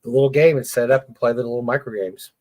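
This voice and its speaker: A man's voice: medium pitch, very fast, crowd noise. A middle-aged man co-hosting a casual gaming livestream, blunt and opinionated, often repeating words as he talks. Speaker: podcast co-host.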